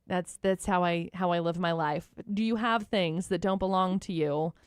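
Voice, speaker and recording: A woman's voice: on the low side, fairly even intonation, moderate pace, clean tone, no room sound, studio quality. A woman hosting a podcast in casual, playful chat, rambling through asides. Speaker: podcast host.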